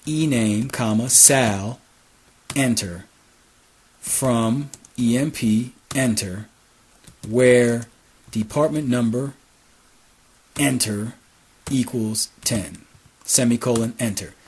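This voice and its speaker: A man teaching a hands-on database lesson over a screen recording, repeating key phrases and dictating commands slowly as he types. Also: medium pitch, darkish tone, husky. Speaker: SQL instructor.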